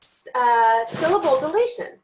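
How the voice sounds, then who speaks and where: A woman giving a recorded training lesson, speaking slowly and deliberately and sounding out words syllable by syllable. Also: high-pitched, lively intonation, lo-fi sound, slight background noise. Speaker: teacher trainer.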